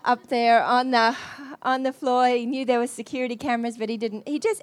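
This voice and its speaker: Earnest woman preacher telling a story. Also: on the high side. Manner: earnest, halting, many restarts. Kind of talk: sermon storytelling.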